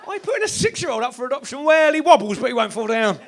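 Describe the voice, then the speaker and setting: Sweary stand-up guy on a club stage, pretty high voice, keeps bursting into shouts, bit of room noise behind. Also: sing-song, racing, some chatter behind. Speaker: stand-up comedian. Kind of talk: stand-up comedy set. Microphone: stage microphone.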